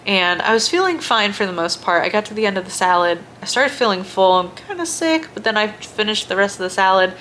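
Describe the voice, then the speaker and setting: A woman's voice: medium pitch, expressive, fairly quick, hardly any pauses, bright, forceful tone, slight background noise. A young woman chatting casually in a personal vlog, gushing and laughing often, with many fillers. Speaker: vlogger.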